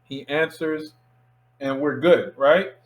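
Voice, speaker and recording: A man in his thirties from Miami, a filmmaker guest telling a lively anecdote in a casual interview and acting out the voices of people in it. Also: fairly high pitch, takes it slowly, low-quality recording. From Miami, USA. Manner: animated anecdote teller who acts out quoted voices.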